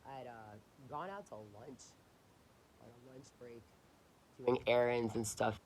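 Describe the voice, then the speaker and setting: A woman's voice: rumbling low, a little slow, a little mellow, slight background noise, poor audio. A woman ranting in a casual diary video, indignant and swearing as she retells arguments. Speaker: diary vlogger. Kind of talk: casual personal rant.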